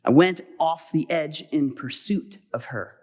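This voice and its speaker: Pitched somewhat high, a middle-aged pastor tells a personal story from the pulpit. He swings animatedly between booming exhortation and soft, quick asides.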